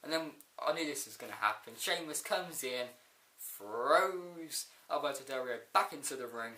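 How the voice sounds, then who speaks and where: A man giving a rambling, excitable casual video review of a wrestling show. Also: on the high side, moderate pace. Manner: excitable, rambling, with frequent fillers and outbursts. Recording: echoey room.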